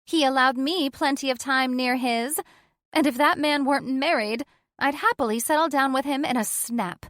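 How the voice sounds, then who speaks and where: A woman's voice: high voice, moderate pace, a bit bright, no echo, studio quality, pitched above the performer's own voice. A woman voicing a smug, tipsy woman friend who is catty and teasing, stretching her words condescendingly. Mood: confessional.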